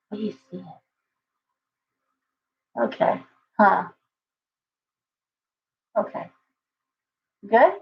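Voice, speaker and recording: A woman's voice: medium pitch, expressive, very slow, vocal fry, long pauses, lo-fi sound, a little hiss or hum. Chatty woman hosting a home livestream. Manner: chatty and rambling, talking to her pet bird and viewers' comments. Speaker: livestream host and tarot reader. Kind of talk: casual livestream chat.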